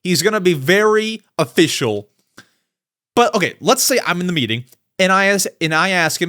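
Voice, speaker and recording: A man's voice: high-pitched, very animated, moderate pace, sharp tone. A young man hosting a gaming news podcast, talking in a chatty, slangy way full of asides. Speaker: podcast host. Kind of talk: casual news commentary.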